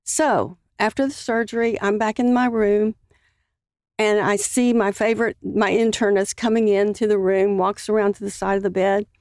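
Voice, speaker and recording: A woman of middling pitch tells her story on a podcast, earnest and halting, leaning on fillers as she goes. Her voice sounds dry and close, with no room around it. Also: fairly even intonation, a little mellow, dry recording. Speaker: podcast guest. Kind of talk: personal storytelling in a conversation.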